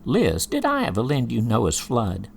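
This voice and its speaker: A man's voice: medium pitch, huge pitch swings, unhurried, vocal fry, slight background noise, pitched above the performer's own voice, exaggerated voice. A man reading the part of an easygoing, friendly father. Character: easygoing adult father who loves early music.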